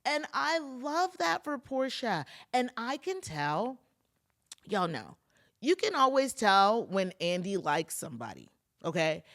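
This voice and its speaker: Animated chatty woman recapping reality TV. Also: a little high, takes it slowly. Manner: chatty, gossipy, lots of fillers and asides to listeners. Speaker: pop culture podcast host.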